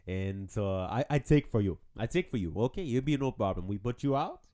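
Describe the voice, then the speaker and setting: Man voicing a scam doctor, low voice, wheedling, overly friendly, comic podcast impression. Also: lively intonation, a little fast, mellow, lightly acted. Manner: coaxing, repeats "my friend". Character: smooth-talking scammer doctor, pushy and overly friendly.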